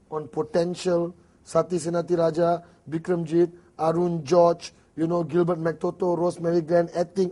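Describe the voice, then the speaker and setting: A man's voice: sits high, darkish tone. A man with a Malaysian English accent giving a motivational network marketing seminar, acting out little dialogues and often laughing.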